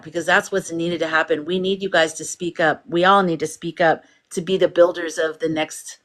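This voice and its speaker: A woman's voice: lowish voice, fairly bright tone. A woman hosting a casual livestream, chatting freely, reading viewer comments aloud and laughing often. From United States. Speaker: livestream host.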